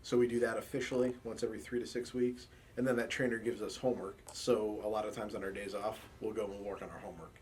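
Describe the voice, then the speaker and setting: A man's voice: fairly low pitch, fast, few pauses, a little hiss or hum. A man who works as a campus police officer and handles a support dog, telling stories in a documentary interview and acting out quoted dialogue as he goes. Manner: relaxed storytelling with quoted dialogue.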